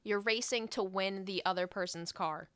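A woman's voice: medium pitch, steady tone, normal speed, fairly bright tone, clear, resonant tone, no room sound. A woman co-hosting a podcast, teasing her friend and eagerly explaining car terms in crude casual chat. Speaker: podcast co-host, car enthusiast.

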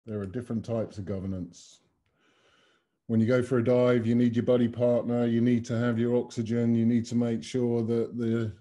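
Man hosting a webinar in a very dark voice. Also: lowish voice. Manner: expansive, fond of extended metaphors. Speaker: webinar host and consultant. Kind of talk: presenting a webinar. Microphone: video call.

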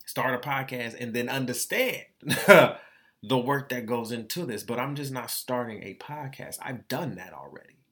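A man's voice: medium pitch, expressive, a little slow, fairly bright tone. A young adult man hosting his own podcast, speaking in a candid, profane, emotional monologue and repeating phrases as he vents. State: tearful. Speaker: podcast host.

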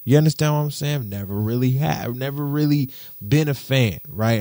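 Animated young man telling stories. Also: normal speed, a little hiss or hum. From Detroit. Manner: animated, slangy, swings from loud exclamations to low muttering. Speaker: podcast host. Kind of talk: casual storytelling monologue.

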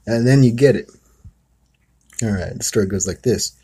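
A man's voice: on the low side, moderate pace, dark tone, husky. A man hosting his own talk, telling a made-up story in a rambling, conversational way full of asides. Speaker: host. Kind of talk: casual storytelling monologue.

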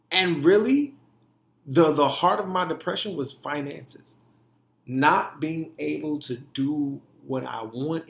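A young man hosting a podcast, speaking candidly and emphatically, often profane, acting out the way he talks to himself. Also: fairly high pitch. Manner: candid and emphatic, profane, mimicking his own inner talk. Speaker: podcast host. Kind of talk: candid monologue. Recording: echoey room.

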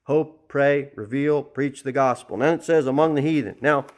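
A middle-aged man preaching a verse-by-verse sermon as pastor, animated and acting out the people in his stories. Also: mid-range voice, normal speed.

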